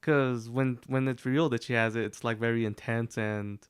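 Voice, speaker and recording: A man chatting casually on a film podcast, easygoing and low-key. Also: steady tone, brisk, clear, resonant tone, no room sound, clean studio sound. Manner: easygoing, calls people "man". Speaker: podcast co-host. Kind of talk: casual chat.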